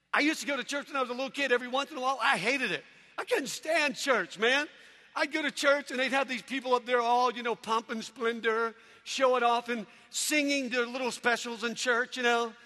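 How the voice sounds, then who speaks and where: A man giving an energetic sermon testimony to a crowd, animated and often shouting. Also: extremely high pitch. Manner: animated, shouting, mimicking people. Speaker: preacher. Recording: long hall reverb.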